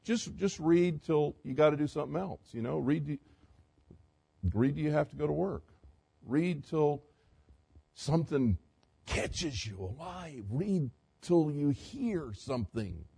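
A male pastor with a fairly high, creaky, husky voice preaches animatedly at a measured pace. His sermon alternates between loud, emphatic passages and soft conversational asides, with direct questions to the congregation.

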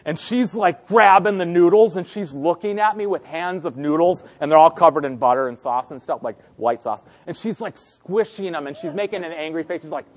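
Guy preaching, tells a funny family story, does the voices, laughs a lot, kinda high voice. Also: moderate pace, hardly any pauses, slight background noise. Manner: animated storytelling, acting out family members' lines; laughing often through the story. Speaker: pastor.

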